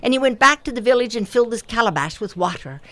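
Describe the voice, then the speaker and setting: A woman telling a folktale aloud, expressive and rhythmic, with repeated phrases. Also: fairly high pitch, quick pace. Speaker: storyteller. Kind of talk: oral folktale storytelling.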